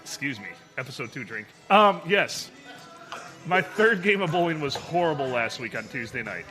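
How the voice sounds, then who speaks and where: A man's voice: a little high, animated, moderate pace, bright, forceful tone, faint music behind. A man co-hosting a casual comedy podcast, joking and laughing often. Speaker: podcast co-host.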